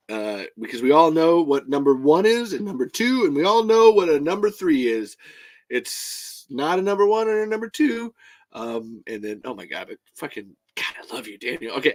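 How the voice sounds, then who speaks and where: A man hosting a casual livestream, reading comments aloud in an excitable, rambling way and swearing often. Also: a little high, no room sound. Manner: excitable, swears a lot, jumps between topics. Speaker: livestream host.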